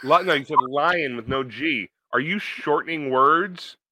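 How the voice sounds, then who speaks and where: Bright, teasing young man, dry sound. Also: fairly high pitch, no echo. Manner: teasing, playful, quick comebacks. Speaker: podcast co-host. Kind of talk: casual banter.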